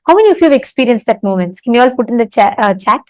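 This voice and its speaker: Unhurried woman giving a spiritual talk. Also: on the high side, animated, a little mellow, dry recording, poor audio. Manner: unhurried, pausing often, telling a story with acted-out quotes. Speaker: spiritual teacher. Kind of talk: live online spiritual discourse with a parable. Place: temple.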